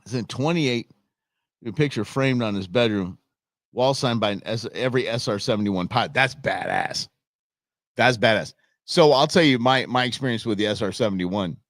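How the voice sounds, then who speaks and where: A male livestream host, medium in pitch and fairly quick, casually chats with his audience and laughs a lot as he reads their comments. The audio is dry and clean, studio-grade.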